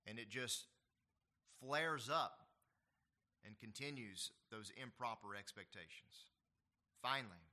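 A man preaching a sermon as pastor, swinging between loud, raised passages and quiet, hushed ones, and acting out the voices he quotes. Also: mid-range voice.

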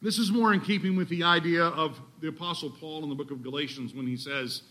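Bright-voiced emphatic male preacher. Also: a little high, steady tone, a little fast, hardly any pauses. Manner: emphatic, rhetorical questions to the congregation. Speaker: pastor. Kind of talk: sermon. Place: church sanctuary.

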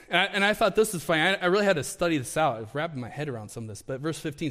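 A man preaching a sermon in a conversational, animated way, acting out the scripture as he reads it. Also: fairly high pitch, racing, hardly any pauses. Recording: long hall reverb.

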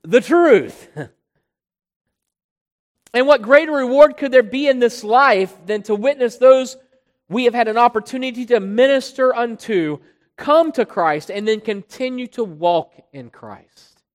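A preacher giving an expository sermon, pressing hard on key words and then dropping low and quiet, often repeating phrases while building a point. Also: measured pace. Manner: emphatic, swinging between loud stresses and quiet drops. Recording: long hall reverb.

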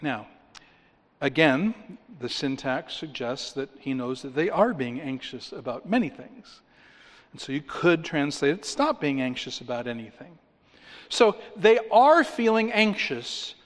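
A man's voice: medium pitch, lively intonation, a little slow. A man preaching a sermon, emphatic, reading scripture aloud and firing rhetorical questions at his listeners. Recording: long reverb of a large hall.

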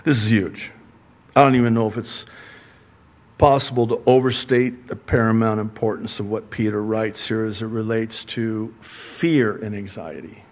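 A man preaching a sermon as pastor, conversational and playful, with lively asides and acted-out quotes. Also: lowish voice, moderate pace. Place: church sanctuary.

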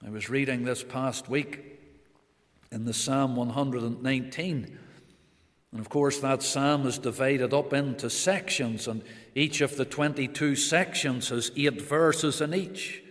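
Male preacher, deliberate sermon delivery, reverberant church hall sound. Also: medium pitch, a bit bright. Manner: slow, earnest preaching with swells of emphasis.

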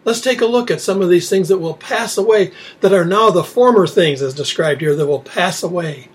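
A man's voice: sits high, brisk. A man preaching an expository sermon, reading scripture aloud and explaining it with rhetorical questions. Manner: rhetorical questions, dropping to quiet emphasis.

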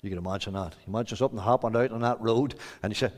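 A Northern Irish man preaching an evangelistic sermon, swinging from quiet low lines to loud shouted emphasis. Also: fast. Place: church hall. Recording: hall reverb.

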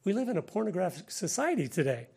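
Middle-aged American man, slightly high voice, animated preacher delivering a conversational sermon. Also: fast, gravelly, breathy edge. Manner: animated, conversational, laughs between points. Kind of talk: sermon-style talk.

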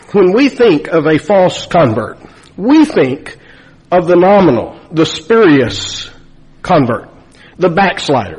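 A man's voice: a little high, a little mellow, breathy edge. A pastor in his fifties, a man preaching an emphatic sermon full of rhetorical questions.

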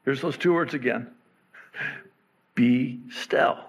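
Slow, emphatic male preacher. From half Egyptian father. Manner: slow, emphatic preaching with sudden rises in pitch on key words. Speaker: pastor. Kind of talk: sermon.

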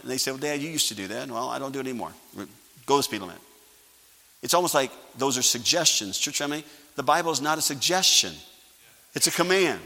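A male pastor preaching a sermon, calling for amens and swinging from quiet asides to loud emphasis. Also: medium pitch. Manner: preaching with call-and-response. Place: church sanctuary. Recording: live church sanctuary with long reverb.

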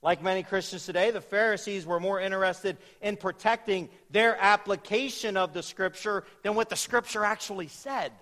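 A man with a notably high voice delivers an expository sermon, pressing hard on his key points. The sound carries a long reverb, as in a large church sanctuary. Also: normal speed, few pauses. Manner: emphatic, rising to loud peaks on key points. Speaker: pastor.

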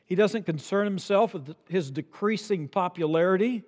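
An older man preaching a sermon as pastor, swinging from soft low asides to loud emphatic peaks. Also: normal speed, hardly any pauses, long reverb tail. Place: church sanctuary.

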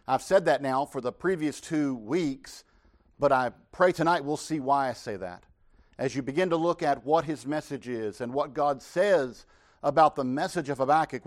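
A man preaching a midweek sermon, speaking calmly in places and rising to impassioned pleading when he voices the prophet. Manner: rises to impassioned pitch when voicing the prophet's cries. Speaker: pastor.

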